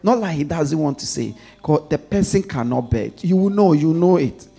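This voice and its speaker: A man preaching a sermon in a call-and-response style, swinging between loud stresses and soft asides and leaving questions for the congregation to finish. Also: fairly high pitch, lively intonation, normal speed, vocal fry, husky.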